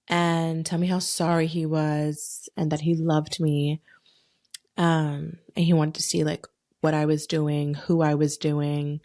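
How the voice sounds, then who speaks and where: A young adult woman hosting a solo podcast, telling a personal story in a frank, profane, animated way. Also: low voice. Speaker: podcast host.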